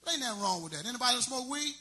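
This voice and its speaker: Male stand-up, loose slangy storyteller, high piercing tone. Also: expressive, very fast, sharp tone. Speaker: stand-up comedian. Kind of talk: stand-up comedy set.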